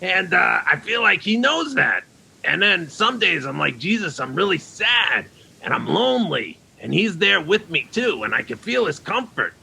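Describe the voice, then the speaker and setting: A man's voice: high voice, sing-song, moderate pace, a little hiss or hum, heavily acted. A man playing Frank, a cheerful, lonely castaway stranded on an island, who talks to kids in a chummy way and says "yous". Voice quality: gravelly, rough and bright. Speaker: children's program character. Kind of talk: kids' ministry skit monologue.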